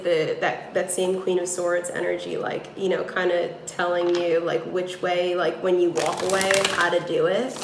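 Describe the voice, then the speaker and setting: A woman's voice: lowish voice, gravelly, roomy sound, a little hiss or hum, rough recording. A woman with a New York accent, livestreaming from her room as a tarot reader, rambling to her viewers with many fillers. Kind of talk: casual livestream chat. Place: room at home.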